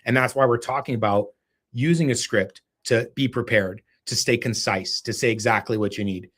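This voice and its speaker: Man, mid-pitched, casual live-stream coach, talks viewers through a home phone setup. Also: normal speed, a bit bright. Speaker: real estate video coach.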